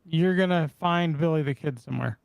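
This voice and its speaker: Male podcast co-host, high-pitched and teasing, dry recording. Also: brisk, creaky, no echo. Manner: teasing, asks the others questions. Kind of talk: casual podcast chat.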